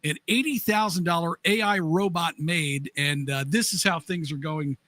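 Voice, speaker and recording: A man's voice: a little high, normal speed, noisy background. A man co-hosting a podcast in casual chat, mostly giving short agreeing replies and joking asides. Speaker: podcast co-host.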